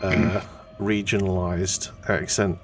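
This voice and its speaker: A guest co-host from Wales chats casually on a live painting stream in a low, level voice at a slow pace. He is hesitant, with many uh fillers and restarts, and the distant mic picks up faint music.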